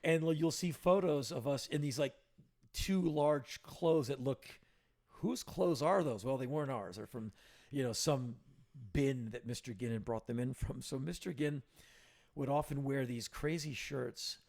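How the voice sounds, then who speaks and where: A middle-aged man co-hosting a podcast, with a gravelly, mid-range voice. He tells stories casually and turns animated whenever he quotes someone. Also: medium pitch, unhurried. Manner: anecdotal, animated when quoting others. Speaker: podcast co-host. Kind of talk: casual storytelling.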